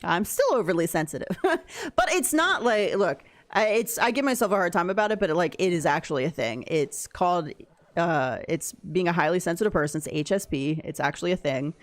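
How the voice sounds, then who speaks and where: Woman game streamer, lowish voice, casual chatty delivery, frequent laughter. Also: lively intonation, fairly quick, dry recording. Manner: chatty, laughs often, reads and answers chat. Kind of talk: casual chat while gaming.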